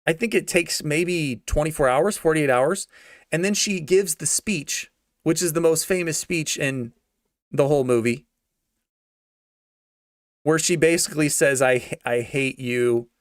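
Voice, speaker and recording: Sarcastic young man ranting, gravelly. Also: a little high, a little slow, pauses often, no room sound, studio quality. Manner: sarcastic, slangy, repeats himself for emphasis. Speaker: movie review vlogger. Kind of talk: ranting casual movie review.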